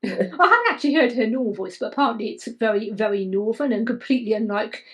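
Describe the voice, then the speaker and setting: A woman co-hosting a casual podcast discussion, talking haltingly with many restarts and repeated fillers. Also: on the high side, a bit bright, low-quality recording. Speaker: podcast co-host.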